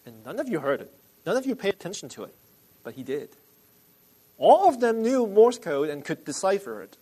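A male pastor delivering a sermon, emphatic and deliberate, repeating key phrases. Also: high voice, sing-song, mellow, rough recording.

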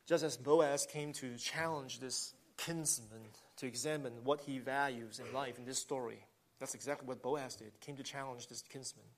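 A man's voice: medium pitch, fairly even intonation, moderate pace. A man preaching a sermon, earnest, swelling with emphasis and often restarting phrases. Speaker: pastor.

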